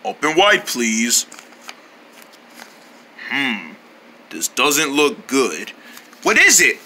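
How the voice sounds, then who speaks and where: A man putting on the voice of a calm, low-voiced male doctor who talks slowly and mumbles. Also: slight background noise, exaggerated voice.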